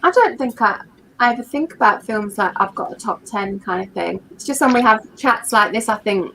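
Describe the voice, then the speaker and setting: A middle-aged British woman chatting casually as host, enthusiastic and quick to laugh. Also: a little high, animated, pushed and bright, slight background noise, rough recording. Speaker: livestream host. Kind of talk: casual chat.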